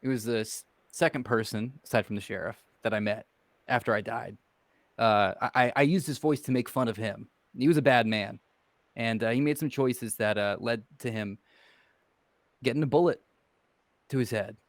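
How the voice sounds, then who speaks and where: A calm undead man speaks in a put-on accent, as a man acts him out. He is measured and persuasive, with a quiet menace under the words. The sound is close and dry, at a middle pitch. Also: dry recording, natural voice. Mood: earnest. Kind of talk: in-character role-play.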